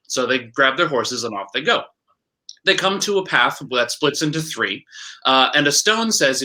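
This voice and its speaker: A man casually retelling a fairy tale in a brisk, chatty way. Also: a little high, very animated, sharp tone. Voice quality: brisk, chatty, laughs often. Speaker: storyteller.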